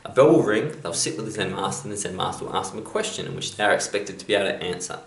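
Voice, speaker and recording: Aussie self-help vlogger, chatty storyteller with a lowish voice, echoey room. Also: male voice, animated, rapid-fire, vocal fry. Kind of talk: motivational talk.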